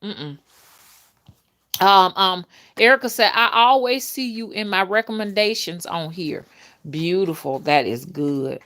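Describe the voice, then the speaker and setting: A middle-aged woman chatting casually on a live stream, folksy and warm with her viewers, reading out their comments and calling them y'all and honey. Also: mid-range voice, a little slow. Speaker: spiritual rootworker hosting a live stream.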